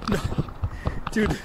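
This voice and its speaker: A man streaming outdoors, exclaiming and swearing in alarm as he walks. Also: noisy background. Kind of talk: casual live-stream reactions.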